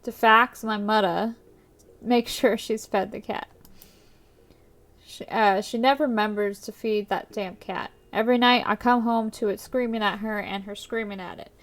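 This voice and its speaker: A woman voicing a rude, grumpy male motel clerk with a put-on New York-style accent, gruff and sneering. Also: mid-range voice, steady tone, normal speed, close to an everyday voice. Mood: grumbling.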